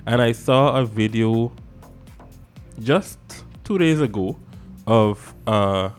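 A man in a casual discussion, animated and speeding up in bursts. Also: mid-range voice, takes it slowly, soft background music.

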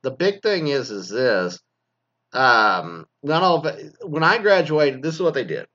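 A man's voice: medium pitch, big pitch swings, unhurried, a bit bright. A middle-aged man from Texas, a former teacher, ranting with heavy profanity and sarcasm in a casual monologue. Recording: slightly dull lo-fi sound.

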